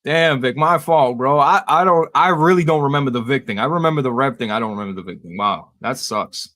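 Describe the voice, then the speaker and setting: A man's voice: medium pitch, fairly bright tone, dry recording. A man hosting a casual podcast chat. He swears freely and tells stories about himself with a self-mocking edge. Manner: swears freely, quick self-deprecating storytelling. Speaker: podcast host and streamer.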